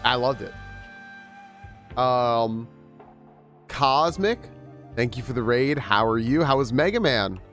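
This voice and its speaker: A man's voice: medium pitch, lively intonation, slow pace, a bit bright, faint music behind. A young man streaming a game, chatting casually, laughing and greeting his chat.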